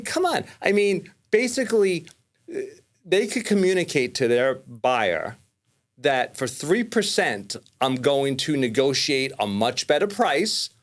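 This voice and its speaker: A man in his fifties with a New York accent, a guest talking casually in an interview, rambling with many restarts. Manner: rambling, many restarts, rises in pitch when making a point. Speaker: podcast guest, mortgage lender.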